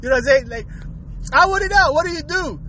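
A man's voice: extremely high pitch, expressive, fast, bright, forceful tone, a little hiss or hum, poor audio. A young man in a crude, rambling casual rant to his viewers, full of slang and frequent chuckles. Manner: slangy street talk. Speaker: vlogger.

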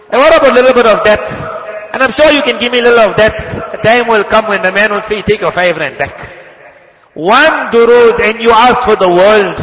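A man preaching a fervent sermon, telling a story and quickly reciting Arabic prayers. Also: sits high, a bit bright. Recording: echoey hall, muffled lo-fi sound.

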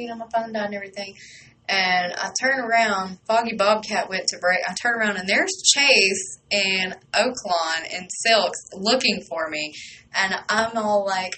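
A woman hosting a radio show, chatting in an excitable, rambling way full of stories and fillers. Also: medium pitch, slight background noise, low-quality recording. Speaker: radio host. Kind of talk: casual chat.

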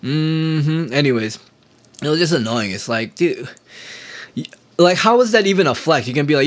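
A man's voice: mid-range voice, expressive, a little fast. A man ranting in a casual solo monologue, profane, sarcastic and heated, just getting over a sore throat.

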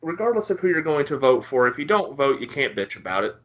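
High, lively teasing man. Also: fast talker. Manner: teasing, wisecracking. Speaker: podcast co-host. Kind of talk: casual podcast banter. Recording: dull lo-fi podcast audio.

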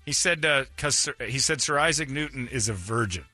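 A man hosting a morning radio call-in show. His voice is bright and lively, leaping up and down in pitch. He jokes loudly and laughs in mock outrage. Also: brisk, no echo, faint music behind. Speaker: radio host.

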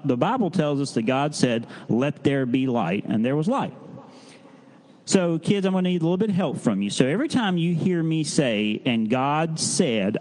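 A man's voice: medium pitch, darkish tone. Man giving a folksy children's sermon. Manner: folksy and halting, with frequent restarts, coaxing kids to respond. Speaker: children's time leader. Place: church service.

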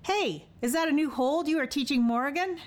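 A woman's voice: mid-range voice, moderate pace, lightly acted. A woman narrator voicing a smirking young male warrior with a wry, mocking manner in an audiobook.

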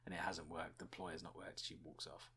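Here a man hosting a podcast reviews a TV episode in a chatty, musing way, full of fillers and regular chuckles. He has a low-pitched voice with a sharp tone and a breathy edge.

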